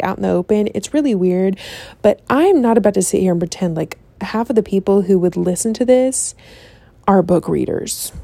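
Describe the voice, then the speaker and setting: A young woman talks in a casual, profane, dramatic way and often drops into sassy mock voices. Her voice is dark and mellow. The recording is dry and close. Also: medium pitch, gravelly, no room sound. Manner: sassy, animated, swears freely, slips into mock voices.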